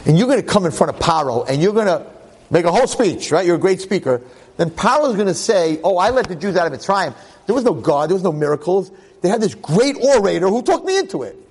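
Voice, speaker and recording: A man's voice: high-pitched, sing-song, fast talker, a little mellow, breathy edge, heavily acted. A man voicing God, firm and explaining. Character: male God calmly refusing a request.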